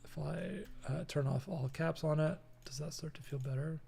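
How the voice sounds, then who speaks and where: Gravelly-voiced man streaming a design tutorial. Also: fairly high pitch, fairly even intonation, moderate pace, mellow. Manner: loose and chatty, many fillers, reads chat aloud. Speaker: creative director hosting a design stream. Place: home apartment.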